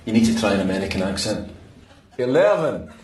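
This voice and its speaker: A man's voice: fairly low pitch, sing-song, brisk, very noisy. An actor with a Scottish accent playing a grumpy, sweary man trapped in a talking lift in a sketch. He sounds exasperated and mocking. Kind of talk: TV sketch comedy. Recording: echoey, far off, with audience laughter.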